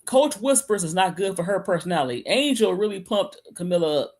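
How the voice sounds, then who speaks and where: A woman's voice: medium pitch, expressive, brisk, a little mellow. A woman from Michigan co-hosting a casual sports chat, rambling and restarting often, speaking from a computer away from her mic. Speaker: sports podcast co-host. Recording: remote call audio, from off-mic.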